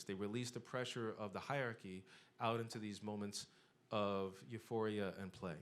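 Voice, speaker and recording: A middle-aged man giving an impassioned public lecture, building rhetorical lists with emphatic rises. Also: mid-range voice. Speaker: speaker giving a talk.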